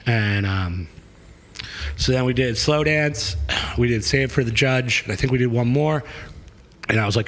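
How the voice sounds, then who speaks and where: A man tells a rambling, profane story on a podcast. He drops into other people's voices as he goes. His pitch sits in the middle for a man. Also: normal speed, rough recording. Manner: animated, profane storytelling with acted-out quotes. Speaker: podcast guest, hardcore singer. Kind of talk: casual storytelling.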